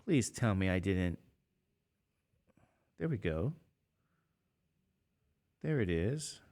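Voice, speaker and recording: A man's voice: low voice, big pitch swings, extremely slow, darkish tone. Chatty man in his fifties teaching math. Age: 50s. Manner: chatty, rambling, jokey asides to students. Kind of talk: casual classroom talk.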